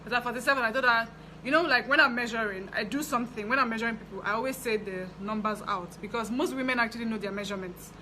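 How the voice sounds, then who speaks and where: Bright-voiced chatty Nigerian woman. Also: a little high, fast, slight background noise, rough recording. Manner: chatty, animated, telling a story to viewers. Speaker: fashion designer vlogger. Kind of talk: casual storytelling.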